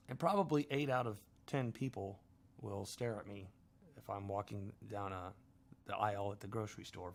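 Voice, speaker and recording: A middle-aged man hosting a talk radio show, telling a long story in a wry, self-mocking way. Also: lowish voice. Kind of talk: storytelling monologue.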